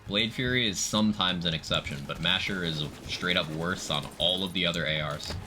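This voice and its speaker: A man's voice: low-pitched, brisk, music in the background. A man streaming live, casually explaining game mechanics in detail while greeting viewers in chat. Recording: background noise.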